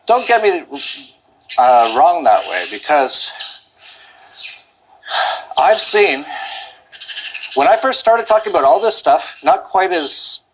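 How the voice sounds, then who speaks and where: A man with a high, sing-song voice vlogs as he walks up a steep hill outdoors, speaking slowly with long pauses. He rambles, sounds out of breath, and sighs often; the audio is poor, with a little hiss or hum.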